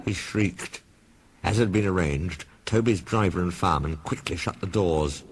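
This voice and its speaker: A man narrating a children's storybook in a measured, expressive reading. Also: low voice, heavy background noise. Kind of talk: storybook read-aloud.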